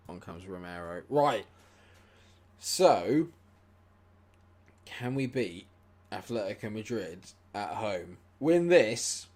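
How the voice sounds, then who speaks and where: Excitable man streaming a game. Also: lowish voice. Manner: swings from muttering to excited shouting, swears at the game. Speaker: gaming streamer. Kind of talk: live gameplay commentary.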